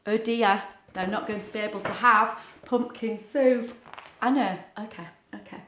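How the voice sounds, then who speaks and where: A woman's voice: medium pitch, normal speed, slight background noise. A woman, a teacher reading a picture book to young children with playful asides to a puppet. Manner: animated, playful, sing-song, talks to the puppet. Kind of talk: storytime read-aloud with a puppet. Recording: roomy, echoey sound.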